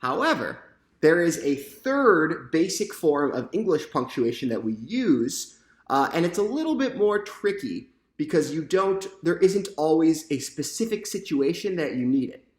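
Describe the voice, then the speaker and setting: A man's voice: a little high, big pitch swings, unhurried, reverberant. A man giving a sample lesson on punctuation, explaining step by step and often checking in with "right?". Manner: explanatory, asks the class questions, frequent "right?". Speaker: teacher.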